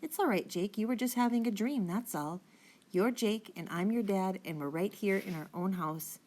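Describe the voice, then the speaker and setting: A woman reading the part of a calm father gently reassuring his son at night. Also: mid-range voice, moderate pace, lightly acted. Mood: soothing. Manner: gentle, soothing, thoughtful.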